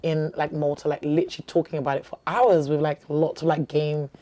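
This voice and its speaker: A woman's voice: low voice, flat delivery, fairly quick, mellow. A woman entrepreneur as a podcast guest, chatting casually, giggling and affirming often. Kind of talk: casual interview chat.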